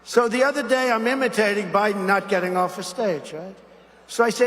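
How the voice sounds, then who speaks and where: A man's voice: high-pitched, fairly quick, a bit bright. A man giving a rambling, sarcastic speech at a gala, repeating himself and wandering between points. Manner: sarcastic, digressive, repetitive. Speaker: gala speaker. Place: large banquet hall. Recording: long hall reverb.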